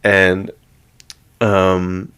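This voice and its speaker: A man's voice: low voice, level tone, very slow, fairly bright tone, clear, resonant tone. A man hosting a gossip recap from home, chatty and rambling, full of "like". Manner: chatty, rambling, heavy use of "like". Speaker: gossip show host. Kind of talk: casual reality-TV gossip recap.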